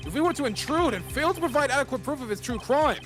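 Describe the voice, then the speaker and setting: A blustering old judge, as a woman puts him on, emphatic and exclaiming, in a high voice that leaps up and down. Faint game music sits behind. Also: lively intonation, fast talker. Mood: stern. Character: flustered, stern old male judge. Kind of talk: fan voice acting of a game.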